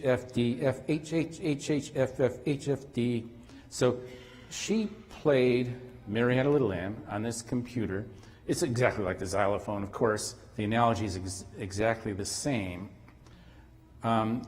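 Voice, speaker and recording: A man's voice: medium pitch, a little mellow. A man giving a lecture at a conference, rambling with restarts and now and then imitating sounds. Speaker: conference speaker. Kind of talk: academic lecture. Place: conference hall. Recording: long reverb in a hall.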